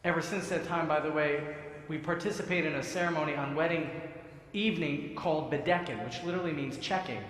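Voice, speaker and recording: Rabbi preaching in an echoey sanctuary. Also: male voice, on the high side, brisk, a bit bright, a little hiss or hum. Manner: conversational storytelling with humor. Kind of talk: sermon. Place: synagogue sanctuary. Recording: echoey sanctuary with long reverb.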